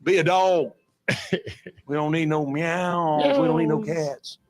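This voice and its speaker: A man's voice: fairly high pitch, fairly even intonation, slow, darkish tone. A man with a Southern accent, a football coach telling a story in an urgent, clipped rant full of cat imitations. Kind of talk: animated rant at a press conference. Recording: archive clip played on air.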